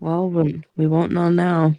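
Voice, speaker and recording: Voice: mid-range voice, monotone, a little slow, warm tone, dry recording. A player in a tabletop game talks through theories with dry, jokey asides. The voice sits in a middle register. It is recorded dry and close. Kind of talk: casual tabletop game chat.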